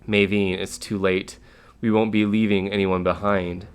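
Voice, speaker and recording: A man's voice: lowish voice, level tone, unhurried, clear, resonant tone, lightly acted. A man reading the lines of a blunt, wry woman marine in a game, in a dry way.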